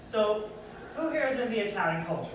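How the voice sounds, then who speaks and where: A brash male stand-up comic with a fairly high voice who delivers punchy lines and quick asides. He is picked up from a distance in a very echoey room, with steady noise behind him. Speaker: stand-up comedian. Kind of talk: stand-up comedy set. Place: performance venue.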